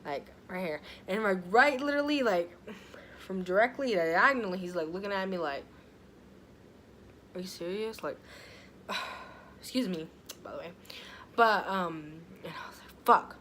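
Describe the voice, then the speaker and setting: A woman's voice: mid-range voice, lively intonation, a little slow, long pauses, a bit bright, slight background noise. A young woman telling a storytime vlog in a chatty, casual way, full of fillers and swearing. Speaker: vlogger.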